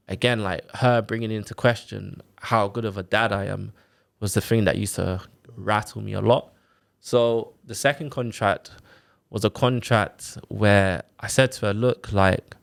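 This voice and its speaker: A man, telling his own story on a podcast in a casual, animated way, full of quoted back-and-forth and fillers like "like" and "innit". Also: fairly low pitch, creaky. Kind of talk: casual chat, personal story.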